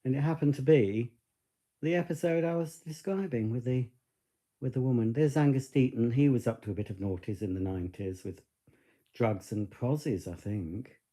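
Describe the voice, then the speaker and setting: A man hosts a live stream from home in a rambling, chatty way. His voice is mellow and dark, and he keeps breaking off to talk to his dog. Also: mid-range voice, normal speed. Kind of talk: casual live stream chat.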